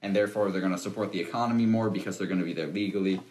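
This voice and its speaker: A man's voice: sits low, rapid-fire, a little mellow, a little hiss or hum. A young man as a podcast guest, talking in a thoughtful, hedging way with jokey asides. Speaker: interview guest. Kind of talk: casual podcast interview. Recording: echoey room.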